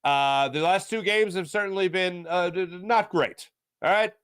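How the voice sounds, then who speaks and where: A man hosting a sports talk show, ranting with strong opinions and swinging between low grumbles and loud outbursts. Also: moderate pace, clean tone, no room sound, studio quality. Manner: mocking put-on fan voice at times. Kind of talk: opinionated sports radio rant.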